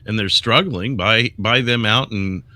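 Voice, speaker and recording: Co-host, male, low and bright timbre, blunt and provocative. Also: a little slow, no room sound. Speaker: podcast co-host. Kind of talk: casual profane chat.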